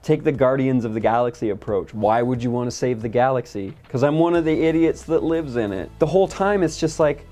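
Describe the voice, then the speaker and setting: A man's voice: mid-range voice, brisk, few pauses, dark tone, soft background music. A man hosting a casual movie review chat, blunt and sarcastic, swearing freely. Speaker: movie review podcast host.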